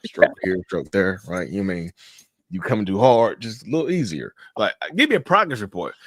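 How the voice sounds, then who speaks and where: A man hosting a casual interview, talking loosely with swearing and acting out his reactions in big jumps of voice. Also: dry recording. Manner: animated, acts out reactions with big pitch jumps and laughs. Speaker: interview host.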